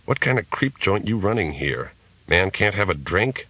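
A man's voice: deep voice, sing-song, normal speed, pushed and bright, husky, dry recording, exaggerated voice, poor audio. A man voicing a bitter, sardonic young hustler in an audiobook.

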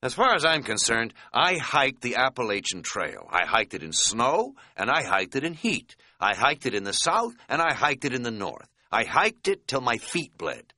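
A man's voice: mid-range voice, big pitch swings, normal speed, few pauses, bright, forceful tone, no echo, clean studio sound, exaggerated voice. A man reading a blunt, self-assured hiking buddy. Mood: breezy. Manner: breezy, earnest bluster. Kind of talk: audiobook character dialogue.

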